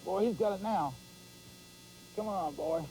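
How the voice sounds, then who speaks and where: A man hosting a fishing show, giving folksy live commentary from a boat on a pond and exclaiming loudly. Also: sits high, unhurried, slight background noise, low-quality recording.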